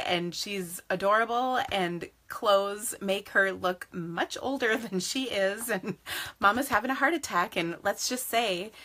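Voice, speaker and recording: A woman's voice: medium pitch, sharp tone. A woman in her forties, a craft business host, chatting casually on a live stream, greeting viewers by name and laughing often.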